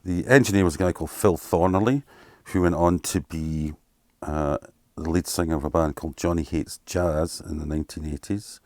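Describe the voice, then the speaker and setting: A man's voice: low-pitched, moderate pace, no echo, studio quality. A Scottish man in his fifties, a keyboard player telling candid stories in an interview and acting out what people said. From Scotland. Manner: candid, animated anecdotes with acted-out quotes and swearing. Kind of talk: casual storytelling interview.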